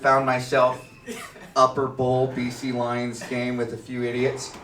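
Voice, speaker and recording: A man's voice: medium pitch, monotone, unhurried, echoey room, distant mic, noisy background. A Canadian man doing a crude, rowdy stand-up comedy set on a sports bar stage. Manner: crude, rowdy storytelling with lots of swearing.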